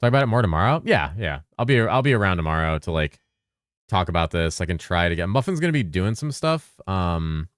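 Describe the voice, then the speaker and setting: A man's voice: deep voice, very animated, a little fast, no echo, clean studio sound. A man streaming games, chatting casually in a loose, rambling way, swearing freely and mumbling now and then. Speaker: game streamer. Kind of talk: casual live-stream chat.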